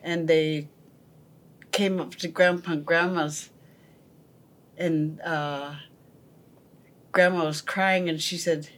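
A woman telling a family story in a podcast, halting, with many pauses and fillers. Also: deep voice, fairly even intonation.

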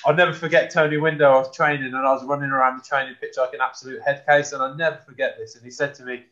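A man's voice: mid-range voice, little pitch movement, rapid-fire, few pauses, fairly bright tone. A man, talking frankly in a casual chat as a former rugby player. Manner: blunt, frank, says mate often. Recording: dull lo-fi sound.

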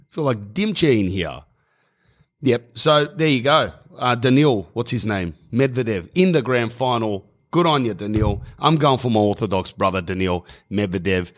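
A man's voice: mid-range voice, animated, normal speed. A man with an Australian accent ranting on his own podcast, opinionated and swearing, calling listeners bro, recorded in a small hot room. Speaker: podcast host. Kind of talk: casual solo podcast rant.

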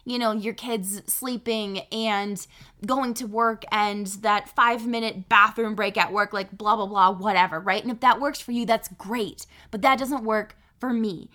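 A woman hosting a podcast alone, talking in an animated way, often laughing and checking in with "right?". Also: medium pitch, a little slow. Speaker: podcast host. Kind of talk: solo podcast talk.

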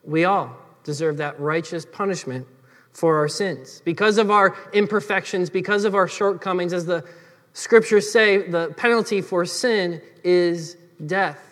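A male pastor delivers a sermon, earnest and explanatory as he speaks straight to the congregation. His voice sits high for a man. It rings out with a long hall reverb. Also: measured pace, a bit bright.

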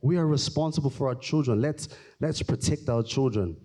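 A man's voice: mid-range voice, mellow. Guy sharing his testimony at church, earnest, emotional, stumbles and repeats himself. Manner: earnest, emotional, often halting and repeating words. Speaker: church speaker giving testimony. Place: church hall.

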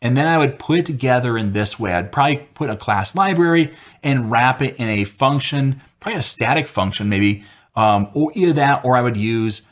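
A software developer talks straight to his listeners about interviewing, his voice sitting in a middle pitch. He rambles in a loose, conversational way, filling gaps with "um" and "you know." Now and then he acts out little quoted exchanges. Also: lively intonation, a little fast. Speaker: software developer giving career advice. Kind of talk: casual advice monologue.

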